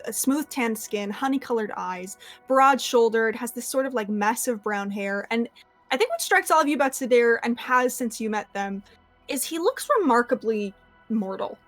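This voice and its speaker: A woman's voice: on the high side, animated, normal speed, faint music behind. A young woman narrating a tabletop game as game master, rambling through descriptions with many fillers.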